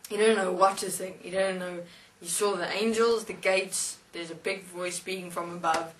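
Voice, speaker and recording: A woman's voice: on the low side, fairly even intonation, moderate pace. A woman casually telling a comic anecdote, laughing along and swearing freely. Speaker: storyteller. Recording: voice distant from the mic.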